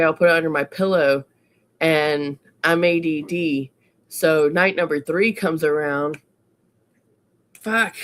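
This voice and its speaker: A woman co-hosting a live morning show, telling a story in casual chat, swearing freely and correcting herself as she rambles. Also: low-pitched. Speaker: co-host.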